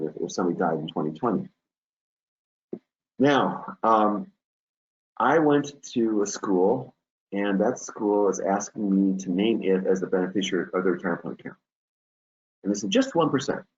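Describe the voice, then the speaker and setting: A man giving a continuing-education lecture on estate planning, explaining step by step and telling jokes to make his points. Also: deep voice. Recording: dull lo-fi recording.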